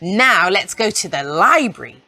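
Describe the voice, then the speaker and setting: A woman voicing a lively, welcoming male city mouse who talks in a cheerful, bossy way. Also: mid-range voice, measured pace, exaggerated voice, poor audio.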